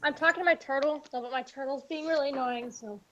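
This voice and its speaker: A woman's voice: high voice, fast talker, a bit bright, lo-fi sound. A woman in a casual stream chat, chatty and easily distracted. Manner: chatty, easily distracted, keeps aside remarks going.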